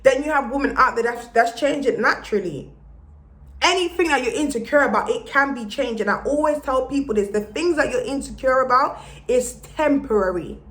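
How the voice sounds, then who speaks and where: A young woman rants to her camera about self-love, blunt and profane, dropping into Jamaican-style patois. Her voice sits slightly high, and the room around her rings with echo. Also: animated, brisk, a bit bright. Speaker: vlogger. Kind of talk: motivational vlog rant. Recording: roomy echo.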